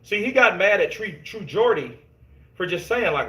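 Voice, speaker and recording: A man hosting casual boxing commentary, reading viewer comments and telling stories in an animated, emphatic way, swearing freely. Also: high voice, normal speed. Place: gym. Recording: echoey gym room.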